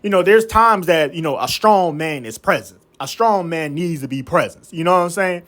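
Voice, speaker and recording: A man giving a casual opinion monologue as a vlogger, preachy and repetitive with deliberate emphasis. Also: a little high, animated, fairly bright tone.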